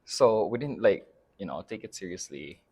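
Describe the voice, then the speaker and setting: A man from the Philippines who is a drag house mother chats giggly and casual as an interview guest, his voice on the low side, husky, and a little mellow. He's animated, speaks at a moderate pace, and trails off amid plenty of fillers.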